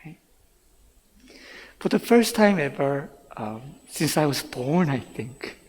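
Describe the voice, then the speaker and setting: Slowly and with big pitch swings, a middle-aged man in a pastor's role recounts his life in a sermon mixing English and Korean, laughing from time to time. His voice is a little high and a little mellow; he grew up in Brooklyn, New York, and the sanctuary adds long reverb.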